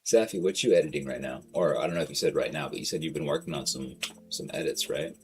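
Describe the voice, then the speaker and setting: A man's voice: extremely low pitch, fast talker, a little mellow, soft background music. A man chatting casually on a livestream, rambling in a slangy, loose way and swearing freely. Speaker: streamer.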